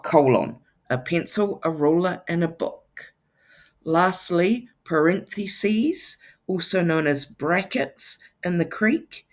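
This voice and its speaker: This is a New teacher speaking to a class of children. The pace is unhurried and the voice has a gravelly rasp. The delivery is playful, with teasing jokes tucked between the lesson points. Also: medium pitch.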